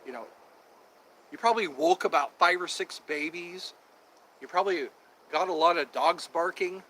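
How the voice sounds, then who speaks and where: A livestream host with a high, pushed, bright voice chats casually at normal speed, rambling with lots of fillers. He's recorded outdoors on a phone at sunset with traffic passing, so the rough recording carries a little hiss or hum.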